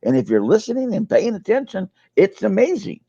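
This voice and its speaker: An older man tells stories in a gravelly, dark, relaxed voice, circling back and repeating himself as he goes. The recording is dry and dull, like a muffled lo-fi call. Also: sits high, fairly quick, dry recording. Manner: folksy storyteller, repeats words, uses fillers. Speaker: sales coach and co-host. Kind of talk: casual webinar chat.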